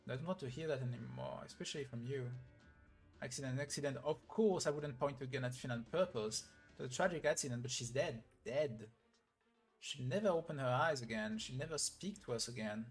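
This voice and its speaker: A man reading the lines of a grieving, guilt-ridden young woman from a game story in a flat read-through. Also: mid-range voice, a little fast, husky, faint music behind.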